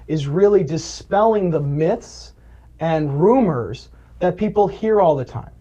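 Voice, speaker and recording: A man's voice: a little high, animated, measured pace, dark tone, slightly rough, poor audio. A man being interviewed as a Medicare advisor, telling client stories with lots of "right?" and acted-out quotes. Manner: storytelling, acts out quoted voices, frequent "right?". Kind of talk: conversational interview.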